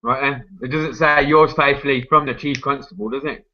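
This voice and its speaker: A man's voice: mid-range voice, steady tone, fairly quick, dull audio. Rambling Englishman with "right, yeah?" tags. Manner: rambling, tag questions, frequent swearing. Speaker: group discussion speaker. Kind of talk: rambling casual argument.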